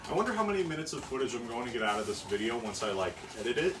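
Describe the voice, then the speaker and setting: A man's voice: mid-range voice, very animated, rapid-fire. Rambling teen guy streaming from an echoey kitchen. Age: teens. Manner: rambling, self-mocking, swears casually. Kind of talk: casual live-stream chat while baking. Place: home kitchen. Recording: echoey room, distant mic, noisy.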